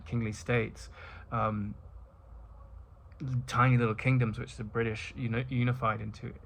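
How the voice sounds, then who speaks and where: Middle-aged male host, mid-pitched and gravelly, reflective rambling monologue. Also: sharp tone, slight background noise. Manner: rambling, with many restarts and asides. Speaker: spiritual talk host.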